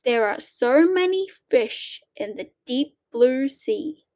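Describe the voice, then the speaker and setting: Slow high-voiced woman reading kids' poems. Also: animated, darkish tone. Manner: slow, clear, deliberate reading to young learners. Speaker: reading teacher. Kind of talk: slow read-aloud of children's sight word poems.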